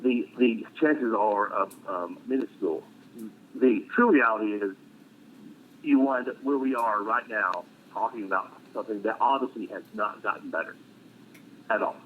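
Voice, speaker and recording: A middle-aged military veteran telling a story casually, blunt and profane with dark humor. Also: male voice, lowish voice, moderate pace. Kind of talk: casual storytelling on a live stream. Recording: tinny phone-like line with faint noise.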